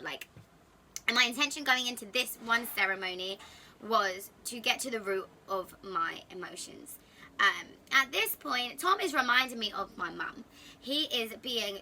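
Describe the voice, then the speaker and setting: A young woman tells a personal story casually from her sofa, in a candid and expressive way. Her voice is fairly high and very bright. Soft music plays in the background. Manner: chatty, candid and expressive, with frequent fillers. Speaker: vlogger. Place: indoors at home on a sofa.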